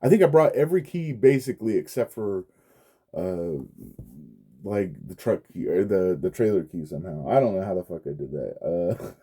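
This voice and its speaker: A man's voice: sits low, lively intonation, normal speed, mellow, husky. A man telling a frustrated, profane story in a casual rant, laughing often between lines. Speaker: vlogger.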